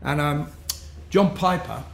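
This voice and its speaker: A London musician, appearing as an interview guest, tells rambling stories, laughing and restarting often. His voice is on the high side, slow, and creaky, and the recording is roomy with faint background noise.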